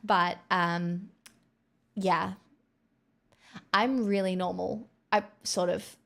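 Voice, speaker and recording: A woman's voice: lowish voice, fairly even intonation, very slow, creaky, a bit bright. A woman livestreamer chatting casually on a headset mic, bubbly and rambling with self-mocking jokes.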